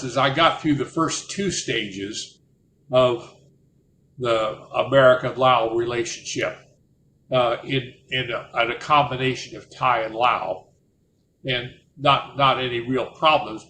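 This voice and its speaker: A man's voice: mid-range voice, pushed and bright, a little hiss or hum. An older man, a retired Marine officer, tells rambling anecdotes, breaking off and restarting as he goes. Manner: rambling, self-interrupting storyteller. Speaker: retired Marine officer telling war stories. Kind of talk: anecdotal storytelling. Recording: roomy with faint ambience.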